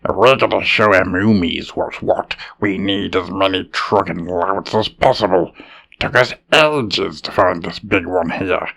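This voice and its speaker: A man voicing a small, loud, bossy male goblin who squeaks and shouts orders. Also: measured pace, vocal fry, exaggerated voice.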